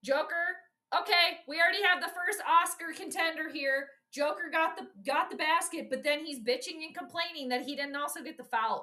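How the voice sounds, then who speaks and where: A woman from Minnesota calls a game live, her voice bright and a little high, tossing out blunt, exasperated reactions as the plays unfold. She talks straight to her viewers in a casual, unscripted way. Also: lively intonation, brisk. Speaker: host giving live game commentary. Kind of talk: casual live sports commentary.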